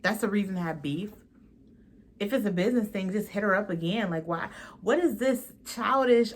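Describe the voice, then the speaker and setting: A woman's voice: mid-range voice, a little fast, a little hiss or hum. A young woman hosting a casual reality TV recap, blunt and slangy, swearing freely and mimicking the cast.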